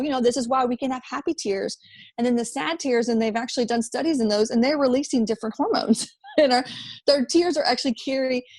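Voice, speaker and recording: A woman's voice: sits high, darkish tone, dry recording. A woman in her thirties, a podcast guest, talking earnestly in a conversational interview and often repeating words as she thinks. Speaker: podcast guest, app founder.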